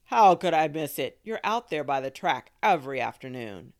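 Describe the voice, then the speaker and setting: A woman reading aloud and voicing a gray-haired older male neighbor, an easygoing tinkerer who talks loudly with good humour. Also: low-pitched, big pitch swings, moderate pace. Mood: amused. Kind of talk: audiobook reading.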